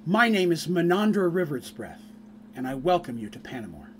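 A man voicing a composed, formal elven woman who leads her people, speaking in a measured, gracious way. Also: a little high, very animated, slight background noise.

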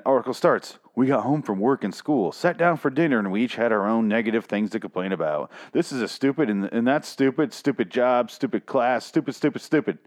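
Comedic male reader, mid-pitched, sarcastic, swears constantly, trips over lines while ranting. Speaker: comedic commentator reading an article aloud. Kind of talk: profane comedic reading and commentary.

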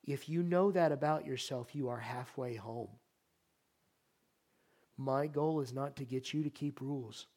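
A male pastor delivers a sermon in a church sanctuary. His preaching is impassioned, ranging from loud exhortation to quiet, earnest appeal, and he often turns to question his listeners directly. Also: medium pitch, unhurried, pauses often.

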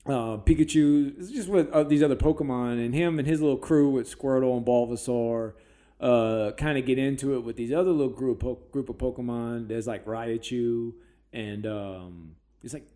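A man hosting a casual podcast chat, swearing freely and breaking into animated comic impressions as he tells stories. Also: mid-range voice, normal speed.

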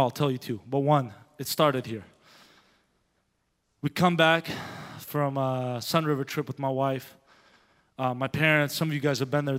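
A man pastor giving a sermon with a personal story, animated and growing loud as he tells of his anger. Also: medium pitch. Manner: animated, grows loud when telling of anger. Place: church sanctuary. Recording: long hall reverb.

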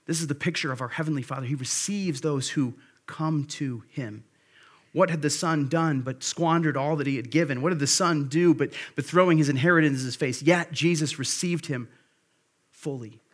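A man's voice: a little high, normal speed, slightly rough. A man preaching a sermon at a church service, earnest and conversational, repeating key phrases for emphasis. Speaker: pastor.

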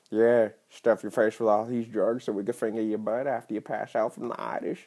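A young man rambling and swearing through a solo podcast episode, cracking crude jokes and breaking into sudden loud outbursts. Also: on the low side, steady tone, moderate pace, few pauses. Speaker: podcast host and stand-up comedian. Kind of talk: casual rambling monologue.

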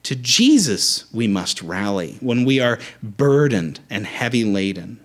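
A young adult man preaching a sermon as a pastor, emphatic and animated, repeating rallying phrases. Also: fairly low pitch, a little slow.

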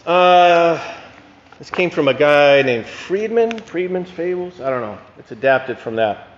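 A man's voice: a little high, lively intonation, measured pace. A man giving a reflective, conversational talk and reading a fable aloud. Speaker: speaker. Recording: echoey hall, dull lo-fi sound.

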